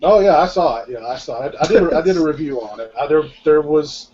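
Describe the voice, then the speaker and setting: Animated high-voiced man retelling movie scenes. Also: quick pace, lo-fi sound, slight background noise. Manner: animated storyteller, acts out scenes in raised voices. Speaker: commentary co-host. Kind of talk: casual movie commentary chat.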